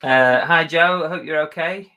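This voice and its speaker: Upbeat male livestream host, bright tone, casual chat. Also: on the high side, moderate pace. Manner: chatty, upbeat, laughs easily. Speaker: reseller channel host. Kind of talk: live-stream chat reading viewer comments.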